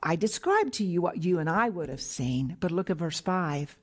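A middle-aged woman minister preaching a sermon, slow and emphatic, sometimes dropping to a whisper for key points. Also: fairly low pitch, animated.

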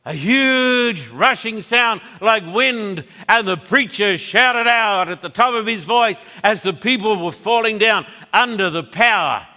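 A man preaching a sermon in an emphatic, deliberate way. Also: sits high, lively intonation, pushed and bright, in a large hall.

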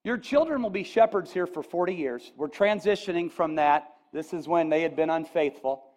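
Animated high-voiced preacher man. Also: normal speed. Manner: animated, rising to near-shouts on quoted lines; folksy asides, addresses audience with "okay?". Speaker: pastor. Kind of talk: sermon.

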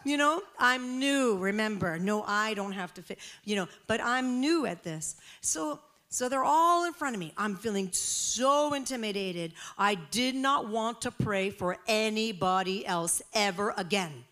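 A woman's voice: mid-range voice, unhurried, hardly any pauses, fairly bright tone. A woman preacher telling a personal testimony in a sermon, acting out her own panicked voice as she tells the story.

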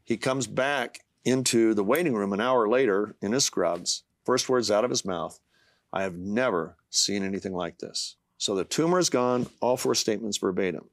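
A middle-aged man, a guest author, earnestly tells a personal faith story in an interview, often halting with fillers and restarts. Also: mid-range voice, dry recording, clean studio sound. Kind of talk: testimony in a talk-show interview.

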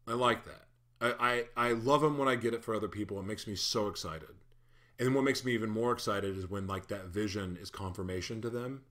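A man preaching a sermon in a relaxed, conversational way, with playful asides and lively shifts in energy. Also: lowish voice, brisk. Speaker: pastor. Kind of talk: casual sermon.

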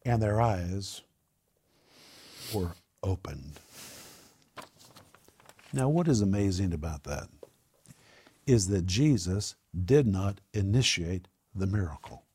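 A man preaching a sermon, animated, acting out the voices of the people in the story as he tells it. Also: sits low, slow pace, long pauses, slightly rough.

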